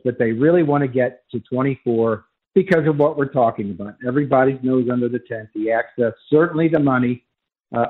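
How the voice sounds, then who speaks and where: Calling in to a radio show as a guest, a man gives emphatic college football analysis over the telephone. His medium-pitched voice has a breathy edge, and the phone line sounds tinny.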